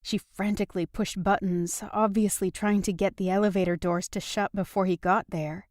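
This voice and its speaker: A woman narrating a romance audiobook in an even, measured way. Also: medium pitch, no echo, clean studio sound. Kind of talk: scripted narration.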